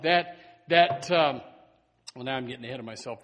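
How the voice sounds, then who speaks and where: A man preaching a sermon in a church, animated and full of stumbling restarts and repeated words. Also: a little high, fairly quick. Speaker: pastor. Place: church sanctuary. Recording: long hall reverb.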